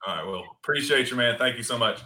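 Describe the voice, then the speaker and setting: A man hosting a sports podcast, chatting casually, quick and enthusiastic. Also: medium pitch, animated, pushed and bright. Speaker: podcast host.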